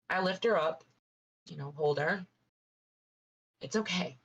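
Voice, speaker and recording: A woman playing a mother in a tabletop game, speaking soft and soothing. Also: on the low side, unhurried, long pauses, husky, lo-fi sound. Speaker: player.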